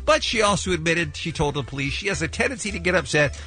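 A man's voice: fairly high pitch, fast talker, soft background music. A man hosting a morning radio show, joking and chatting with his co-hosts. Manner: animated, joking.

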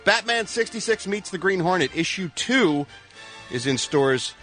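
A man co-hosting a morning radio show, telling showbiz news with jokey, animated banter. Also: high-pitched, unhurried, soft background music.

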